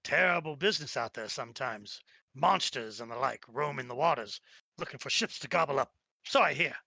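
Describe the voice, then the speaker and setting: A man's voice: medium pitch, lively intonation, a little fast, vocal fry, sharp tone, no room sound, pitched below the performer's own voice, full character voice. Man doing a chatty Brooklyn dock trader. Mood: gossipy. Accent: Brooklyn (put on). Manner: chatty, laughing often. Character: gossipy male dockside trader, chatty.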